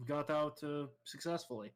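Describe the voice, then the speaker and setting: A man chatting as a player in a tabletop role-playing game. He talks haltingly, restarting his sentences, in a slightly high voice. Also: clear, resonant tone. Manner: halting, hesitant planning. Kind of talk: casual tabletop game talk.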